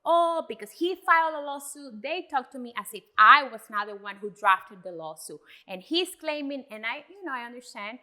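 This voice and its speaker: Bright, high-voiced woman lawyer. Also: lively intonation, normal speed, hardly any pauses. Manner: emphatic, mixes in Spanish phrases. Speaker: attorney and podcast co-host. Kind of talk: casual podcast chat.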